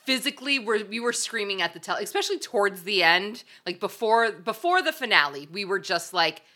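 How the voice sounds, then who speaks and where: A woman's voice: mid-range voice, lively intonation, a little fast, bright, forceful tone. A woman co-hosting a podcast, talking emphatically in casual chat with many fillers. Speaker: podcast co-host.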